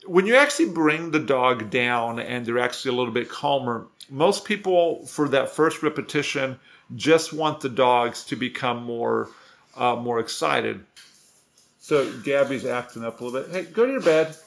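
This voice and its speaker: A man's voice: medium pitch, moderate pace, vocal fry. A man working as a dog trainer, giving casual, conversational tips with frequent restarts. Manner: relaxed, conversational, many restarts. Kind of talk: casual instructional talk.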